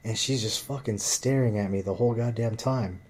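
A man with a fairly low, mellow voice tells a rambling story in a loose, casual way. He swears constantly and fills his sentences with "like" and "you know." It is relaxed, unscripted vlog talk. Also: moderate pace, slightly rough. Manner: profane, rambling, lots of fillers.

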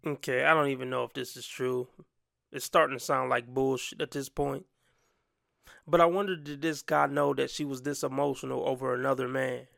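Blunt, gravelly male commentary host. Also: medium pitch, steady tone, moderate pace, a bit bright, no room sound, studio quality. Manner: blunt, crude, mocking. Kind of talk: reaction commentary.

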